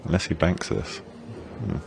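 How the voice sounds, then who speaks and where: A man giving relaxed, chatty live commentary on a pool match. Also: takes it slowly, background noise.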